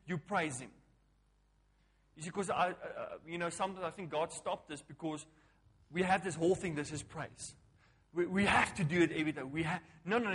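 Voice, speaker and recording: A man, preaching a sermon as a pastor, emphatic and repetitive, swinging from loud calls to hushed lines. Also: high voice, husky. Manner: repetitive, call-and-response phrasing.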